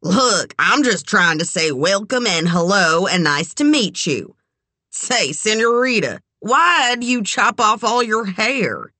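A woman voicing a crude, drunk man in his forties who talks loudly and leeringly. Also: medium pitch, animated, takes it slowly, dry recording, pitched above the performer's own voice, heavily acted. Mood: pushy.

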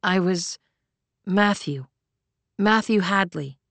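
A woman's voice: medium pitch, lively intonation, slow, no room sound. A woman doing a shy, sheepish young man. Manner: shy and hesitant.

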